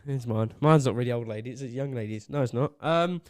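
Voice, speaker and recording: A man's voice: mid-range voice, brisk, no room sound, studio quality. A young man co-hosting a podcast, laughing and bantering as he starts his own work story. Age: young adult. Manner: laughs a lot, banters, teasing. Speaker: podcast co-host. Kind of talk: casual chat. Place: small studio.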